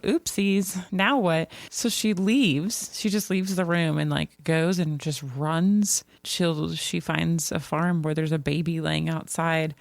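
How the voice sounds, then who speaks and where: A podcast co-host retelling a novel's plot in casual chat, with dry, deadpan asides. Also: medium pitch, creaky, dry recording. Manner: chatty storyteller, deadpan asides. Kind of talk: casual book discussion.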